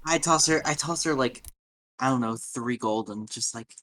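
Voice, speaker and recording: A man's voice: mid-range voice, moderate pace, a bit bright, dry recording. A man playing a tabletop game, joking as he describes his character's actions. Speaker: player. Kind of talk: casual tabletop play.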